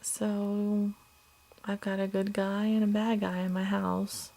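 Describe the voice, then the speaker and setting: Mother recording an upset video diary, slow, flat, halting delivery, gravelly low tone. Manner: halting, hesitant, many fillers and restarts; subdued, drops at times to a whisper. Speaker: mother of two young children.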